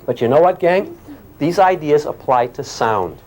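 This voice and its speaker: A man's voice: on the high side, expressive, unhurried, background noise. An older man giving a physics lecture to a class in a playful way, often asking questions and making sound effects.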